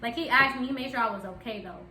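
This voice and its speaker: A woman's voice: fairly high pitch, fast, bright, forceful tone, a little hiss or hum. A young woman vlogger telling a candid personal story in a chatty, giggly way. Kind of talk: casual storytime chat. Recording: echoey room.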